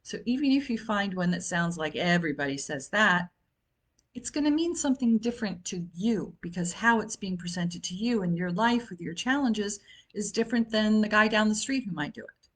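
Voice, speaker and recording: A woman's voice: medium pitch, expressive, normal speed, a bit bright. A woman in her fifties giving an informal wellness talk, chatty, with frequent fillers and restarts. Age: 50s. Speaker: wellness coach. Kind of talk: informal talk on self-help.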